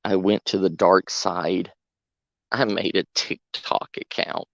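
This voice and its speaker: A man's voice: sits low, fairly even intonation, slow pace, gravelly, fairly bright tone, no echo. A man streaming a game, bantering with his chat in a joking, giggly way. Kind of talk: casual chat to stream viewers.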